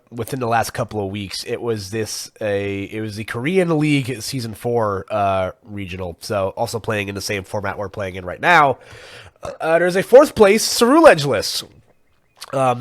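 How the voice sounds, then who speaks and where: Rambling podcast host, dry close sound. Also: male voice, mid-range voice, fairly bright tone, dry recording. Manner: rambling, full of fillers, chuckles often. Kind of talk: casual chat.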